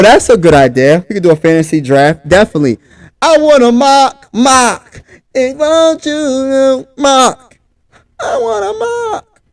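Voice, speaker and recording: Philly-male sports streamer, hyped, pitched high, dry sound. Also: a little mellow, no room sound. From Pennsylvania. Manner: hyped, talks straight to the chat. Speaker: sports talk host. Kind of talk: casual livestream sports talk.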